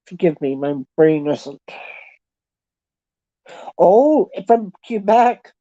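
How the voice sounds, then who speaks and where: Slow, chatty Canadian woman, muffled sound. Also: on the low side, expressive, dark tone, no echo. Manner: chatty, self-deprecating, thinks aloud. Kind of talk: casual chat with online viewers. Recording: dull lo-fi sound.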